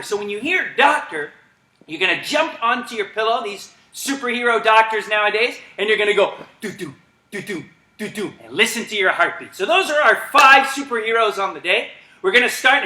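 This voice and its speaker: A man's voice: very high-pitched, sharp tone. A man coaching an upbeat virtual home workout class, calling out commands and making sound effects, recorded in an empty gym. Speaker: gymnastics coach.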